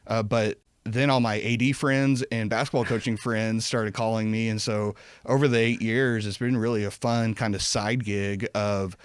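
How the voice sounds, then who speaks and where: A man's voice: on the low side, fairly even intonation, normal speed, hardly any pauses, smooth, dry recording, studio quality. A man talking as a podcast guest in casual chat, rambling with many fillers and restarts. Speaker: podcast guest, event company president.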